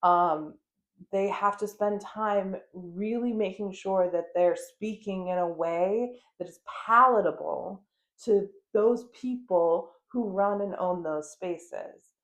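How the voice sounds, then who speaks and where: Young woman podcaster, chatty and blunt, lots of "like" and "you know", mid pitched. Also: slow. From United States. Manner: chatty, frank, swears, frequent fillers and laughs. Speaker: podcast host. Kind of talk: casual chat.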